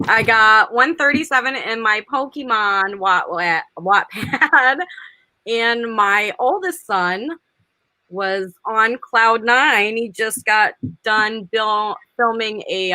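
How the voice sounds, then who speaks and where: A woman's voice: mid-range voice, pushed and bright, dry recording. A woman guest in a casual video-call chat, talking in an enthusiastic, giggly way about her family.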